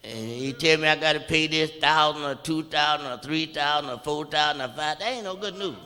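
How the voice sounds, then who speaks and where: A man preaching a sermon, stammering through repeated words and building from quiet talk up to loud shouts. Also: fairly high pitch. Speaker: pastor. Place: church sanctuary. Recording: long reverb of a church hall.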